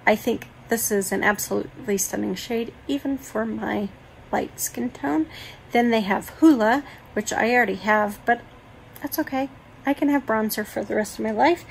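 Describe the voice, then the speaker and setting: Woman beauty vlogger, slightly high voice with a gravelly edge, unhurried chatty delivery, faint room noise. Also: low-quality recording. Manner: chatty, gushing over products. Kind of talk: casual makeup collection walkthrough.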